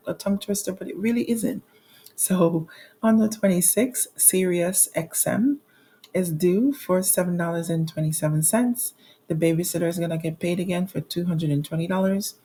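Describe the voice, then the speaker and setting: Candid mellow-voiced woman in her forties. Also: lowish voice. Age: 40s. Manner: candid, self-deprecating, laughs at her own troubles; reads out bill amounts with frequent restarts and fillers. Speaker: budgeting vlogger. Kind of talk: casual budget walkthrough.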